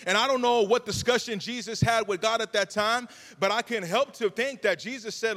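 A man's voice: high-pitched, moderate pace, hardly any pauses, pushed and bright. A man preaching a sermon in a church, with a fervent, repetitive preaching cadence. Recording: long hall reverb.

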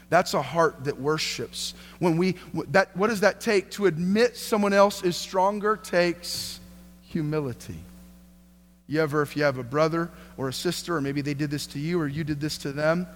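A middle-aged pastor preaches a sermon in a fairly high voice, stopping to restart his sentences and asking the congregation questions. The sound rings out in a large hall with long reverb, and a faint hum sits underneath. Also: moderate pace. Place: church hall.

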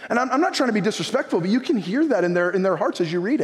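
Pastor, man, high voice, sermon in a church with long hall echo. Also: animated, very fast. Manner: reads scripture in old English then pleads directly with the congregation.

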